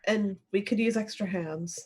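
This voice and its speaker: A woman's voice: medium pitch, normal speed, darkish tone, breathy edge. Earnest woman arguing her case. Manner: earnest, persuading, starts lines with "I mean". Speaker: tabletop game player. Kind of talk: casual chat.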